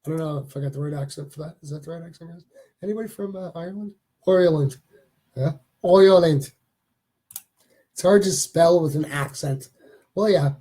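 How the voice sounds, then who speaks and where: Husky, mellow-voiced man hosting a live stream. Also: a little high, quick pace. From Canada. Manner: rambling, chatty, reads live comments aloud. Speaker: host of a live stream show. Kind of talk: casual live-stream chat. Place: home studio.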